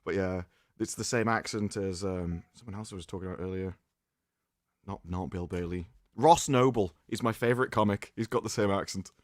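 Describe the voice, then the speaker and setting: A man's voice: low-pitched, fairly quick, no echo. A man co-hosting a casual livestream chat, rambling and opinionated, on a close mic. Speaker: co-host.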